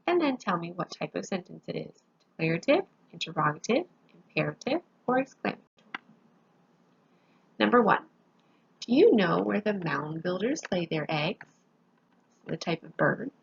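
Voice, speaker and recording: A sleepy woman teacher walks through a grammar lesson one step at a time. Her low voice is gravelly and a little husky. The recording sounds dull and lo-fi. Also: a bit bright. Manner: patient, explains step by step with examples. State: sleepy, yawning.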